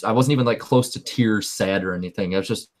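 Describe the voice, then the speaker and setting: Low-voiced young man chatting animatedly. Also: quick pace. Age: young adult. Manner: animated, rambling, repeats words when excited. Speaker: podcast co-host. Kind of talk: casual chat.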